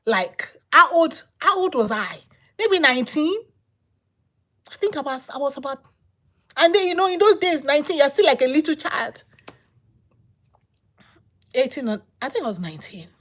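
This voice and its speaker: A woman preaching through her own testimony, with a lively voice that sits a little high. She tells her story in repeated phrases and dramatic pauses, her pitch rising and falling through each line. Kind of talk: personal testimony sermon.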